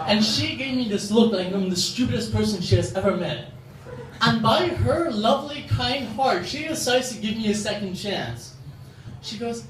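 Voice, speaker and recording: A young man performing an open-mic stand-up set, telling self-deprecating stories in an animated way. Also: high voice, moderate pace. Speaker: stand-up comedian. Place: open-mic comedy venue. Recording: roomy, distant, noisy live-venue recording. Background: audience laughter.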